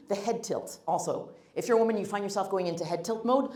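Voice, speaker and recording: A woman with a mid-range, mellow voice speaks quickly as a guest speaker in a meeting room, delivering a blunt, emphatic workshop talk on first impressions. She tosses joking asides to the audience, and the recording has a roomy echo.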